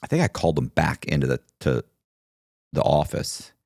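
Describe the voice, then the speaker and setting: A man's voice: very deep voice, very animated, normal speed, gravelly, darkish tone, no echo, clean studio sound. A man telling a story in a casual interview, acting out both sides of the conversations he recounts. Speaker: podcast guest telling his story.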